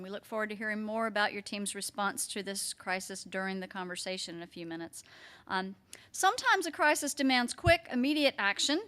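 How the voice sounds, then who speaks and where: A woman moderates an evening event and introduces each speaker from a script. Her voice is fairly high, and her delivery is polished and steady.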